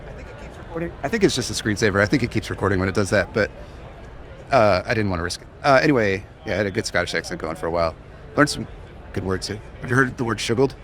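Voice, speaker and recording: A man's voice: fairly low pitch, expressive, fast, a bit bright. Rambling man co-hosting a podcast. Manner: rambling, laughing, many restarts. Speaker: podcast co-host. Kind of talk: casual live chat. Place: conference hall floor.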